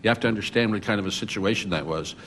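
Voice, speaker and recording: Older man telling a story, low-voiced. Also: rapid-fire, gravelly. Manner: animated storyteller with frequent restarts. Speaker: journalist panelist. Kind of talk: recounting reporting memories on a panel. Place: conference hall.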